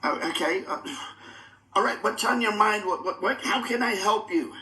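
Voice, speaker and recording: Stammering man, high and bright. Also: moderate pace, roomy sound. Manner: hesitant, stammering. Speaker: league commissioner. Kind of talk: comedy sketch.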